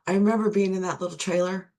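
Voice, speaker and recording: A woman's voice: fairly low pitch, steady tone, fast talker, warm tone. A middle-aged woman sharing her recovery testimony, earnest and repeating key phrases for emphasis.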